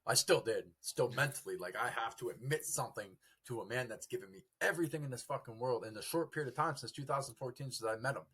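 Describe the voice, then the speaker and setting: A young man, a podcast guest, telling his recovery story in an earnest, halting way. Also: mid-range voice, a bit bright, husky. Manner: earnest, halting, quotes family dialogue.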